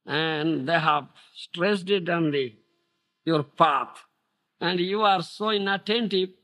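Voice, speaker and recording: A middle-aged man with an Odia accent giving a devotional lecture, checking on his listeners and breaking into loud chanted verses. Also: fairly high pitch, slow. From India. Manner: animated, repeats "Do you understand?", breaks into loud chanted verses. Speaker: spiritual teacher giving a lecture. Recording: 1991 archival lecture tape.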